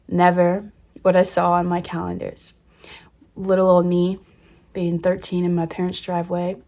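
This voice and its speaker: A woman's voice: on the low side, a little mellow. A young woman in her twenties telling a personal story, candid and emotional and swearing freely. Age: 20s. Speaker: vlogger.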